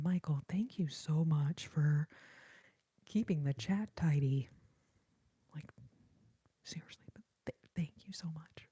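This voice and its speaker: A woman chats with her live audience in a soft ASMR whisper. Her voice is breathy and mellow and sits a little low. She talks slowly and easily. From Texas. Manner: soft, chatty, unhurried whispering. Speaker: ASMR host.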